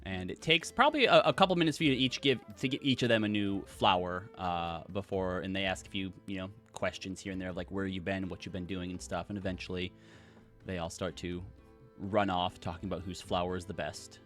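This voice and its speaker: A man's voice: low-pitched, fairly quick, fairly bright tone, faint music behind. A man narrating as dungeon master, rambling with many fillers. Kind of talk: narrating a tabletop game.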